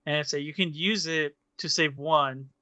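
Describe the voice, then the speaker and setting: Male co-host, slightly higher pitch, sharp tone, close dry mic, short laid-back answers. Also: steady tone, normal speed, no echo. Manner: brief, low-key replies. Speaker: podcast co-host. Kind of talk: casual game discussion.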